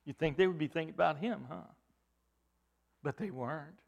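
A man's voice: fairly high pitch, moderate pace, creaky, highs cut off. A man preaching a sermon to his congregation, pressing his points with rising emphasis and repeated words.

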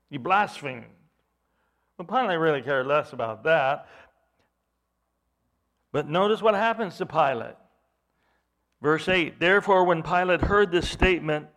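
A man's voice: on the high side, lively intonation, a little slow, pauses often, fairly bright tone. A man preaching a sermon, retelling a scripture passage with quoted dialogue and frequent restarts.

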